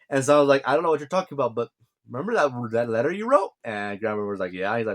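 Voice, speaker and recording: A man's voice: medium pitch, expressive, a little fast. Young male reviewer, rambling, sarcastic, offhand recap delivery, mid-range voice. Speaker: video reviewer.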